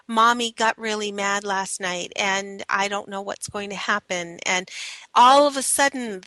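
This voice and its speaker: Bright-voiced woman radio host. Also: medium pitch, no room sound, poor audio. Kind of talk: radio interview.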